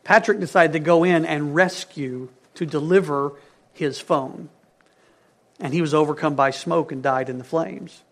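Male pastor, high voice, earnest sermon, emphatic then hushed. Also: measured pace.

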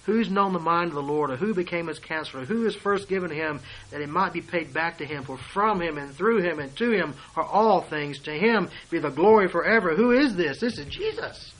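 A man preaching a sermon, reading and explaining scripture verse by verse and swinging between hushed asides and loud declarations. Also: fairly high pitch, expressive, fairly quick, rough recording.

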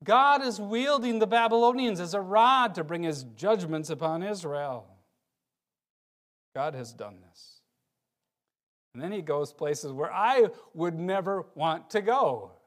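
A man preaching a sermon, reading scripture aloud and swinging between loud emphasis and quiet, low passages. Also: expressive, unhurried. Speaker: pastor.

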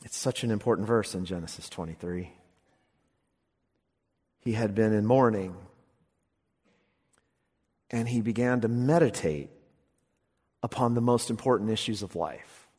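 A man preaching a sermon, emphatic, moving between loud exclamations and quiet, intense asides. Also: on the low side, a little slow, long pauses, slightly rough, in a large hall.

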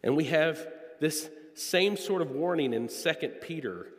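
Man, preacher, earnest sermon, emphatic drawn-out stresses, long church hall echo. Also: fairly high pitch, expressive. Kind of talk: expository sermon. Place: church sanctuary.

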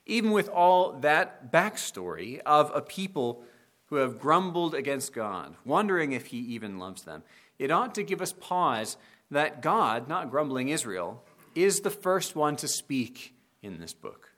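A man preaching a sermon on a scripture passage, earnest and slowing down to dwell on the quoted verses. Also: a little high, very animated, a bit bright.

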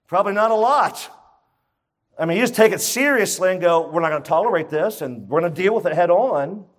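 A pastor preaching to his church congregation, emphatic and conversational, repeating his key points and putting questions to the room. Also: fairly high pitch. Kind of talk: sermon.

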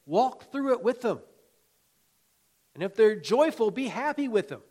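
A pastor preaches a sermon in a folksy, conversational style, full of humor and asides, building up emphatic, rhythmic exhortations. His voice is very high-pitched, very animated and unhurried, with a dark, slightly rough tone.

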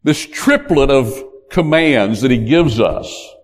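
A man's voice: mid-range voice, animated, slow pace. A man preaching a sermon as a pastor, with an emphatic, preacherly cadence that rises on key points. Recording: long hall reverb.

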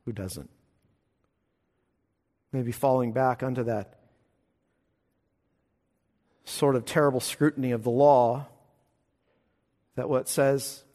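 A man preaching a sermon as pastor, emphatic, swinging between hushed lines and loud, ringing ones. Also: medium pitch. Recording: long hall reverb.

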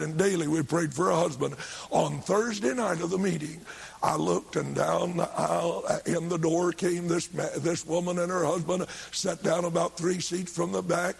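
Gravelly older preacher. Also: male voice, high-pitched. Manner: fervent, rising to shouts when quoting. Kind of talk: revival sermon storytelling.

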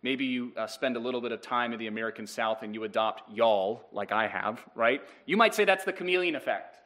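A man's voice: medium pitch, fairly quick, a bit bright. A male pastor preaching a sermon, earnest and direct, putting rhetorical questions to his congregation.

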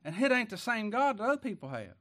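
A man preaching a sermon, rising to loud exclamations and dropping to quiet murmurs. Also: high-pitched, sing-song, quick pace.

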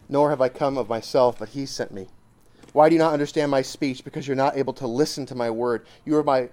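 A man's voice: medium pitch, darkish tone. A man preaching a sermon, emphatic and repetitive, pressing points with rising exclamations.

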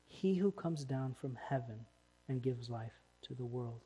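A man's voice: mid-range voice, measured pace. A man preaching a sermon in church as pastor, with emphatic, building stresses. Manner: emphatic, rising to loud stresses.

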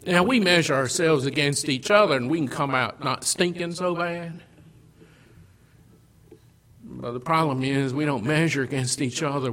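A man preaching a sermon, swinging between loud declarations and hushed, almost whispered lines, with slow, deliberate phrasing. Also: a little high.

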